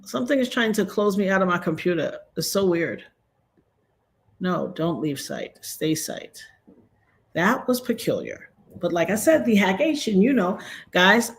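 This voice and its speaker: A middle-aged woman hosting a casual livestream on a computer microphone, talking in an earnest, preachy way and breaking into sudden high exclamations. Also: lively intonation, measured pace. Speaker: livestream host.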